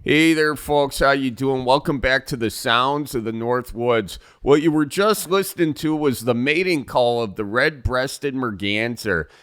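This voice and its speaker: A man's voice: medium pitch, measured pace, hardly any pauses, fairly bright tone, clear, resonant tone, no echo, studio quality, pitched above the performer's own voice, close to an everyday voice. Cheery folksy Northwoods radio host, as a man puts him on. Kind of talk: comedic radio host improv.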